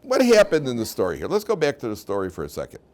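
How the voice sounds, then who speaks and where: Animated rabbi telling stories in class. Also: male voice, mid-range voice, quick pace. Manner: animated, many restarts and repeated words. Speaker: rabbi teaching a weekly class. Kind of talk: storytelling lecture. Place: yeshiva classroom.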